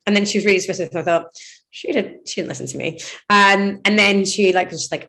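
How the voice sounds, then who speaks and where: A woman's voice: mid-range voice, expressive, fast talker, a bit bright. British lady dj chatting away, telling funny stories about her name. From United Kingdom. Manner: chatty anecdotal storytelling. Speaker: DJ and radio host. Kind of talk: casual interview chat.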